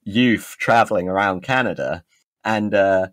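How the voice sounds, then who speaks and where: A man's voice: deep voice, a little slow, a bit bright, no echo. A young English man with an English accent, co-hosting a casual podcast chat, laughing often and telling stories with animation. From England. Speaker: podcast co-host.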